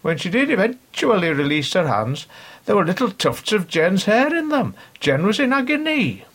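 A man voicing a woman office witness, shrill, loud and excitable as she tells what she saw. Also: moderate pace, full character voice. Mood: aghast.

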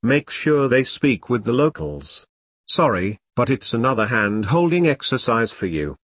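A man's voice: medium pitch, big pitch swings, measured pace, a bit bright, dry recording, clean studio sound. A man voicing an impatient British army major giving his troops curt orders. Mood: commanding. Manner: curt, commanding briefing tone. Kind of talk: audiobook character reading.

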